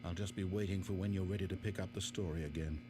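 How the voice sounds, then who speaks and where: A man's voice: sits low, fast, over music, lightly acted. A man doing a dry, mocking game narrator. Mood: sardonic. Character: sardonic, condescending male storybook narrator. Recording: game audio with steady hum.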